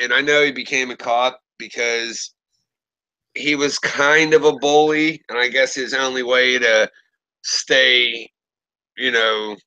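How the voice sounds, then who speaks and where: A man's voice: medium pitch, pushed and bright, lo-fi sound. A man, telling a story in casual, profane talk and acting out what people said. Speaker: podcast host.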